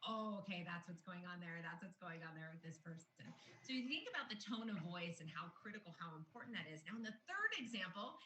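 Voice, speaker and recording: Woman trainer, conversational explainer; roomy recording with steady background noise. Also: mid-range voice. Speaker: communication trainer. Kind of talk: online training lesson.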